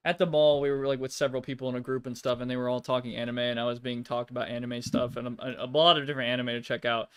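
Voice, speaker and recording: A man's voice: medium pitch, a bit bright, clear, resonant tone. A man hosting a casual gaming stream, rambling and swearing a lot with plenty of filler words. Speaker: streamer host.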